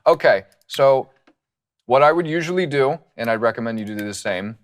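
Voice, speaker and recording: A man talking casually through his studio process as a music producer, relaxed and rambling with plenty of fillers, on a studio condenser mic. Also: mid-range voice, normal speed, smooth.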